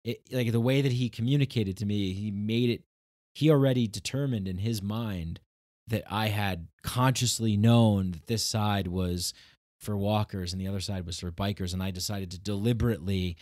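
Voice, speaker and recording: Rambling man telling a story, low voice. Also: moderate pace, a little mellow, dry recording, clean studio sound. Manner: rambling, many restarts and "like", acts out quoted lines. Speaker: podcast host. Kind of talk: casual storytelling monologue.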